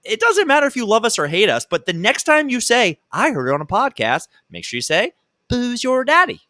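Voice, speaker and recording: A man's voice: high-pitched, wildly swooping pitch, fast talker, bright, forceful tone, no room sound, clean studio sound. A man hosting a casual comedy podcast, bantering with his co-host and hyping the show with announcer-style intros.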